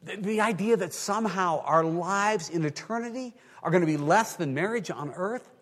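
A male pastor preaching a sermon, swinging from quiet asides to loud emphatic lines and acting out his listeners' reactions. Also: high-pitched, normal speed. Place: large hall with an audience. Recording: long hall reverb.

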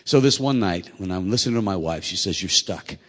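A middle-aged man preaching a sermon, telling a personal story earnestly and emotionally, his voice swelling to loud peaks. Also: low-pitched, expressive, fast talker, long reverb tail. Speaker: preacher and track coach.

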